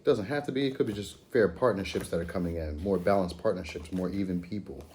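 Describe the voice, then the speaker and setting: A man's voice: sits low, fast, darkish tone, slight background noise. A man hosting a casual pick-a-card tarot reading, chatty and laid-back with slangy talk, recording at home at night. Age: adult with a school-age daughter. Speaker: tarot reader, channel host.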